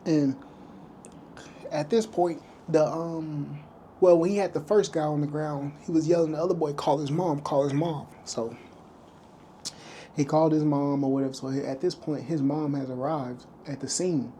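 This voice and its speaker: A man's voice: fairly high pitch, steady tone, normal speed, mellow, slight background noise. A man vlogging, casually retelling a story to camera and acting out the lines of the people in it. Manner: retells events loosely, acting out quoted lines.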